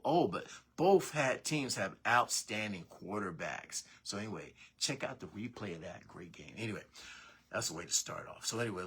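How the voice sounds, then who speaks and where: A man hosting a casual morning sports show from his basement, rambling and correcting himself with animated asides. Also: lowish voice, a little hiss or hum. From Northeast Tennessee. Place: home basement.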